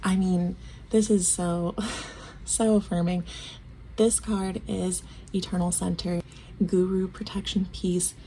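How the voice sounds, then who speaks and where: Gravelly, warm-voiced woman doing a tarot reading. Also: on the low side, little pitch movement, takes it slowly, a little hiss or hum. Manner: gushing and affectionate, calls the listener babe; emotional, near tears, laughs often. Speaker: tarot reader. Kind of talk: casual one-on-one tarot reading.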